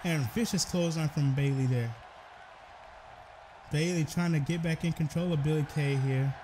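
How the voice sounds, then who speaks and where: A young man giving excitable play-by-play commentary over a wrestling video game, breaking into shouted exclamations. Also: on the high side, normal speed, a crowd in the background, noisy background.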